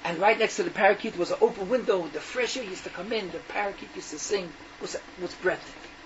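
Animated older man telling a folk tale. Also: high-pitched, fast, far from the mic. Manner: animated, restarts, voices the characters. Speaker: storyteller. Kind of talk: folk tale storytelling with Yiddish phrases. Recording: dull lo-fi recording with faint noise.

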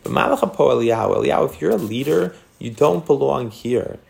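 A man's voice: mid-range voice, animated, fairly quick, gravelly, darkish tone. A man teaching a text class on scripture, asking his students questions and thinking aloud as he explains. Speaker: Torah teacher.

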